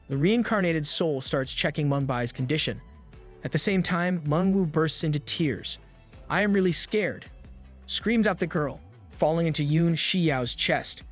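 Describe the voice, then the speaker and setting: A man narrating a manga recap in a brisk scripted delivery, dropping slangy jokes between plot beats. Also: a little high. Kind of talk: scripted narration with quick asides. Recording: voice-over over soft background music.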